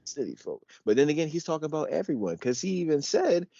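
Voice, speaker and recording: A man's voice: a little high, quick pace, dry recording, highs cut off. A man co-hosting a casual podcast, arguing his point with energy and sometimes reading lines aloud. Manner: animated, argumentative, reads lyrics aloud. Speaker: podcast co-host.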